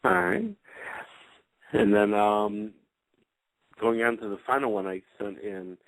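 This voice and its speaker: Rambling low-voiced male investigator. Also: takes it slowly, dry recording, low-quality recording. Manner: rambling, many fillers and restarts. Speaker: paranormal investigator guest. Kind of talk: casual radio chat.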